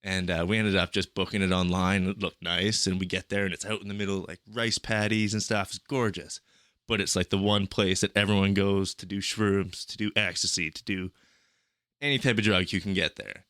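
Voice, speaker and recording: Young guy on a podcast, swears a lot, rambles through his stories, bright forceful voice, dry close mic. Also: low voice, flat delivery, normal speed, dry recording. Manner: profane, rambling storyteller. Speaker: podcast guest. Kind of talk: casual podcast chat.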